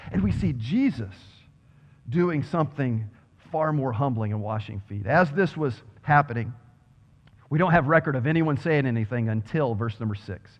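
A man preaching a sermon to a congregation, animated and joking, acting out quoted voices and dropping to quiet, reverent passages. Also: medium pitch, normal speed. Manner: animated, swings between loud emphasis and quiet reverent passages; acts out quoted voices with humor. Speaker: pastor. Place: church sanctuary with congregation. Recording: dull, reverberant hall sound.

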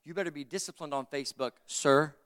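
A male pastor delivers a fervent sermon in a somewhat bright, higher-pitched voice at a quick pace. He repeats phrases and calls out for amens from the congregation, and his words echo with the long reverb of a large hall.

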